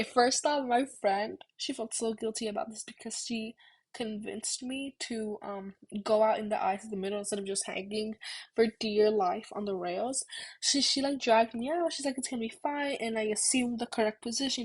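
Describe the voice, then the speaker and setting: Husky young woman rambling casually. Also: a little high, low-quality recording. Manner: rambling, self-deprecating, swears casually. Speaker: vlogger. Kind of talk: casual storytelling.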